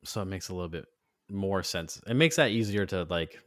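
A man co-hosting a casual fan podcast, easygoing and chatty, quick to agree. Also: sits low, expressive, fairly bright tone, no echo, clean studio sound. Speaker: podcast co-host.

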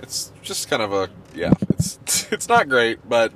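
A man's voice: medium pitch, big pitch swings, a little slow, noisy background. A man co-hosting a podcast in casual chat, reacting and joking. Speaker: podcast co-host.

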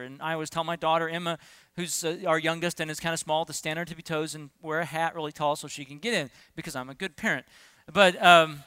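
Male pastor, 30s; high bright voice, dry close sound; chatty sermon delivery with jokes and restarts. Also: smooth, no room sound. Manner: conversational, self-deprecating humor with many fillers and restarts.

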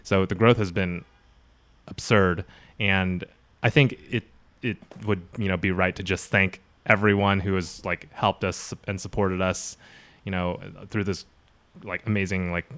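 A man's voice: sits low, steady tone, a little slow, a bit bright. A man co-hosting a casual podcast who speaks earnestly, thanking the viewers. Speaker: podcast co-host. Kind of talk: casual group chat.

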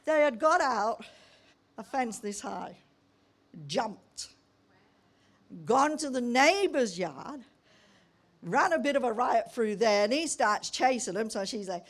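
An older woman pastor preaching a sermon, telling everyday stories with humour and emphatic pauses. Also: fairly high pitch, expressive.

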